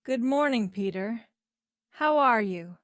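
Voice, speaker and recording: A friendly middle-aged office boss greeting his driver in a learner's storybook, read by a woman in her own voice. The delivery is slow and plain, recorded close and dry. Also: on the high side, lively intonation, fairly bright tone, no echo. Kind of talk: graded reader story narration.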